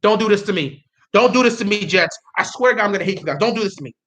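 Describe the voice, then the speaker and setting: High, bright-voiced excitable man. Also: rapid-fire. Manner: excitable, pleading and repeating himself. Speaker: livestreamer reacting to the draft. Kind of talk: casual live reaction chat.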